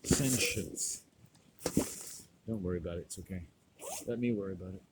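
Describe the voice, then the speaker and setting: A stoned man delivering a rambling, profane monologue, loud and laughing often. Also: low voice, moderate pace, background noise. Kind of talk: profane ranting monologue to camera.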